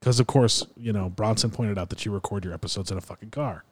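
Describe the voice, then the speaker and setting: A man's voice: lowish voice, fast talker, dry recording. A man co-hosting a podcast over a video call, teasing his co-host in a wry, casual way and swearing freely.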